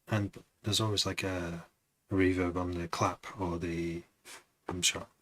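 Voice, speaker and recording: Man, low voice, bright tone, casual rambling stream chat, talks to viewers. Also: level tone, unhurried, slight background noise. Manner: rambling, chatting to viewers while working. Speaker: music producer streaming a session.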